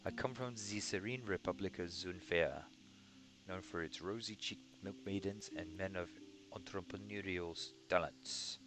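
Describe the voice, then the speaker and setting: Jovial wandering dye merchant, voiced by a man, low and slow, theatrical, guitar music underneath. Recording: music playing behind.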